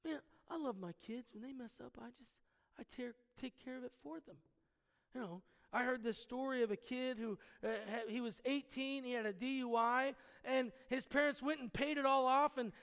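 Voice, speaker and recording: A man's voice: very high voice, fairly even intonation, normal speed, vocal fry, fairly bright tone. A man preaching a sermon, earnest and emphatic, reading scripture aloud in a large echoing hall. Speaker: pastor. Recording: long reverb in a large hall.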